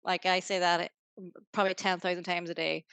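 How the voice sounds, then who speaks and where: Northern Irish woman, podcast guest, upbeat motivational chatter, smooth voice, dry close sound. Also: fairly low pitch, level tone, a bit bright, dry recording. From Northern Ireland. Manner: upbeat, motivational, fast rambling with many "like"s. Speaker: guest, business founder. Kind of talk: casual podcast interview.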